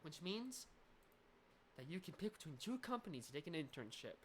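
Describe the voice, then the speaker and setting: A woman voicing a kind, reassuring female teacher, reading game dialogue in a soft, gentle manner. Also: sits low, big pitch swings, moderate pace, breathy edge, exaggerated voice. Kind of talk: reading visual novel dialogue aloud.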